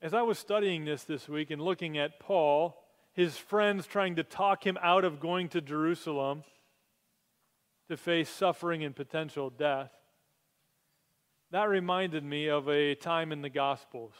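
Pastor preaching with animated energy. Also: male voice, on the high side, measured pace. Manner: animated storytelling, rising to excited peaks. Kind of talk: sermon. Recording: long hall reverb.

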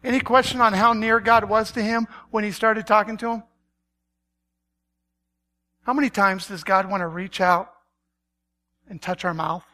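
A woman's voice: mid-range voice, measured pace, long pauses. A woman preacher, a parent, delivering a sermon and animatedly acting out conversations with God. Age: adult parent. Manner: animated, acts out dialogue with God.

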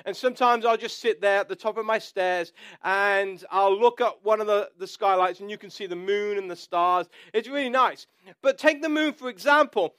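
High, smooth-voiced man preaching. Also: fairly bright tone, no room sound. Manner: conversational storytelling with asides. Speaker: pastor. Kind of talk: sermon.

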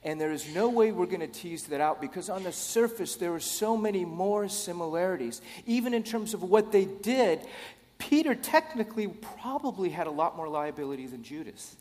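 A man's voice: on the high side, darkish tone, long reverb tail. A middle-aged man preaching a sermon as pastor, conversational and repeating words as he starts phrases. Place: church.

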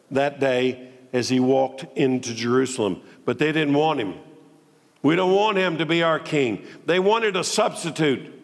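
Preacher, man, mid-pitch, delivering a dramatic sermon with long hall reverb. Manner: dramatic, swings between loud declaiming and low intimate tones. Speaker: pastor.

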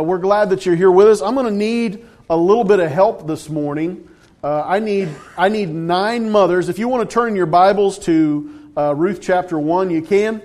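High-voiced man, a joking pastor. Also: a little mellow. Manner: playful, teasing, loose with restarts. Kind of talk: casual joking sermon.

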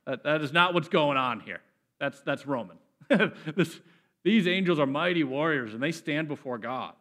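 A man preaching a sermon, animated and emphatic, often repeating words as he builds up. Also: fairly high pitch, normal speed. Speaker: pastor.

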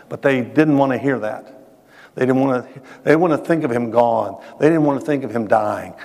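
A male preacher talks his church through a sermon in a chatty, storytelling way, often asking the congregation questions and pausing for effect. His voice is of middle pitch, and it rings out with a long hall reverb. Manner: conversational, addresses the congregation directly with questions; restarts phrases, dramatic pauses. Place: church sanctuary.

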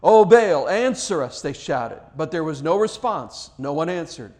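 A man's voice: a little high, animated, moderate pace. A male pastor reading scripture, praying and preaching an earnest sermon, lifting his voice on quoted cries and repeating words as he speaks freely.

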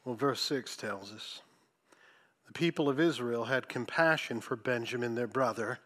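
Slow, dramatic male preacher. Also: medium pitch. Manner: dramatic swings between loud emphasis and hushed asides; sarcastic commentary on scripture. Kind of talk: sermon.

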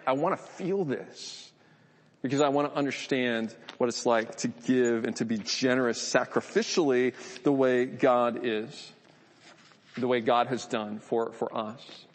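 A man's voice: medium pitch, in a large hall. A man giving a conversational, earnest sermon, often repeating words as he thinks aloud. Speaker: pastor.

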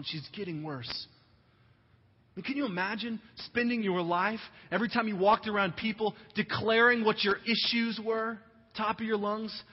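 High-voiced male preacher in a reverberant hall. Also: breathy edge. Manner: dramatic swings from loud emphasis to hushed near-whisper. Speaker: pastor. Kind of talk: sermon. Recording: dull lo-fi audio with long hall reverb and faint noise.

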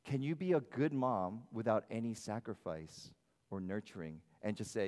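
A man preaching a sermon as pastor, animated and shifting his loudness, often acting out the voices of others. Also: on the low side, normal speed, long reverb tail. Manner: animated, varies loudness, acts out quoted voices. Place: church sanctuary.

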